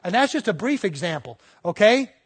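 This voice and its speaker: A man's voice: sits high, very animated, fairly quick, slightly rough. A male pastor preaching a conversational sermon, often checking in with the congregation and acting out little stories. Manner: tells stories and acts out voices within them.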